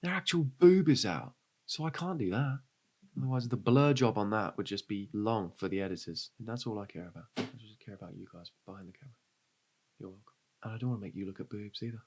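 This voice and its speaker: A man's voice: lowish voice, fast talker, slight background noise. A man hosting a reaction video, cracking sarcastic, crude jokes in casual commentary into a desk microphone. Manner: sarcastic, crude joking asides.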